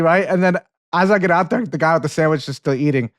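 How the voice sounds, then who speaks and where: A man's voice: on the high side, a little fast, few pauses, no room sound. Young man, podcast co-host, rambling casual talk, frequent laughs, swearing, dry close microphone. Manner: rambling, laughs often, swears, many restarts. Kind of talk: casual chat, film review and anecdote.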